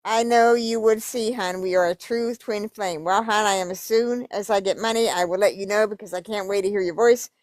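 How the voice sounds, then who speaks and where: A woman's voice: mid-range voice, steady tone, brisk, few pauses, a little mellow, dry recording. Woman, reads emails aloud, cuts in with blunt cursing asides, dry close sound. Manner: blunt, profane asides between readings. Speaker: YouTube commentator. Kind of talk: reading emails aloud with commentary.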